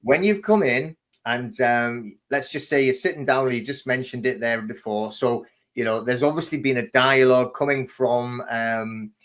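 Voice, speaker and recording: Halting man host asking questions. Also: medium pitch, a bit bright. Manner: hesitant, halting questions with many restarts. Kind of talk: casual interview.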